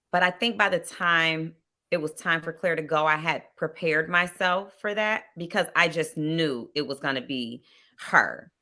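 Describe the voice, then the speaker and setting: A woman guest on a casual podcast, telling stories and acting out past conversations. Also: sits low. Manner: lively storytelling that acts out past conversations. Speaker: podcast guest, reality show contestant. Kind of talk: casual chat.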